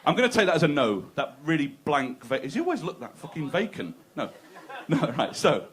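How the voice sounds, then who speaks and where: Crude stand-up comic. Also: male voice, on the high side, huge pitch swings, moderate pace, fairly bright tone. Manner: conversational, crude, teasing the crowd. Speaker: stand-up comedian. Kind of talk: stand-up comedy set. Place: comedy club stage.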